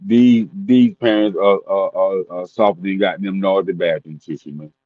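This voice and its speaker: A man co-hosts a casual podcast chat and rants bluntly, swearing often. His voice sounds dull and dry, as if from a low-grade mic in a deadened space. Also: steady tone, no room sound. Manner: blunt, swears often, quick ranting bursts. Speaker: podcast co-host.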